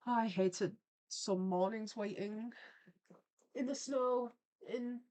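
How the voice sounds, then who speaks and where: A woman's voice: a little high, slow, dark tone. A young woman, hosting a livestream and chatting casually while she draws, telling rambling stories full of asides. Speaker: livestream host and artist. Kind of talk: casual chat while drawing on stream.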